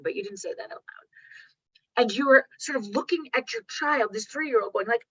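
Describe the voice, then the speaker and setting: Bright-voiced, salty woman speaker. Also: sits high, normal speed, breathy edge, dry recording. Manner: animated storytelling, salty language, keeps checking in with the audience. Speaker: workshop speaker. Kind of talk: motivational workshop talk. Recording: dull lo-fi dry sound.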